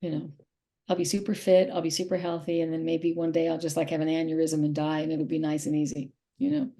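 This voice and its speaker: A woman's voice: low-pitched, fast talker, warm tone. A middle-aged woman speaking candidly as an interview guest, emotional and rambling, often repeating herself.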